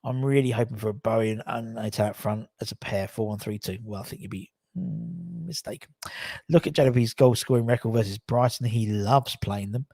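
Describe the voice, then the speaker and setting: A man hosting a live football fan show, chatting casually, animated and sweary, reading viewer comments aloud. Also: fairly low pitch, a little fast, hardly any pauses, dry recording, studio quality. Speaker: fan channel host. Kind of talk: casual live matchday chat.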